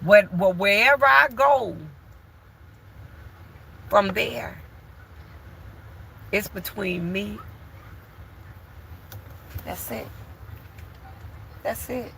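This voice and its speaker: A woman's voice: mid-range voice, extremely slow, vocal fry, pauses often, sharp tone, slight background noise. A woman vlogger chatting bluntly and candidly to her viewers from home while doing chores. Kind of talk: casual chat to viewers.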